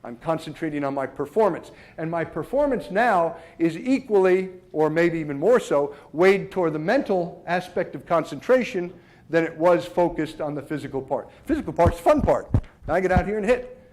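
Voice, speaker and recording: Man, middle-aged, high-pitched, tennis coach, emphatic, rhetorical questions, repeats words. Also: animated, moderate pace, darkish tone. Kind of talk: instructional talk on mental game.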